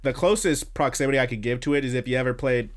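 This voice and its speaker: A man in the middle of an easygoing podcast recap, talking at an average pitch and pace. He rambles through the episode, swearing freely and stopping often to restart his sentences. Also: quick pace. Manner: rambling, profane, lots of fillers and restarts. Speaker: podcast host. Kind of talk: casual anime episode recap.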